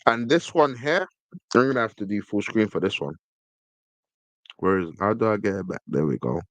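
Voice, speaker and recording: A man's voice: fairly low pitch, expressive, normal speed, no echo. A man hosting a podcast in casual commentary, reading text from a screen and stressing his points with repeated words. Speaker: podcast host.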